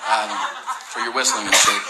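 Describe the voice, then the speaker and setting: A man's voice: fairly low pitch, very animated, moderate pace, creaky, reverberant, very noisy. A man live-streaming, chatting with strangers in a teasing, profane way and laughing often.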